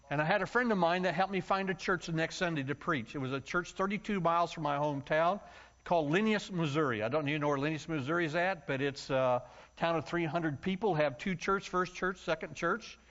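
A man preaching a sermon, telling stories in a folksy, animated way. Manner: storytelling, folksy and animated, acts out shouting congregants. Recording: muffled low-fidelity sound.

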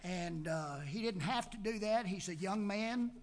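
An older man with a high, expressive voice preaches a folksy sermon at an unhurried pace in a church sanctuary. Between Scripture readings and prayer, the pastor jokes with the congregation and calls out amen.

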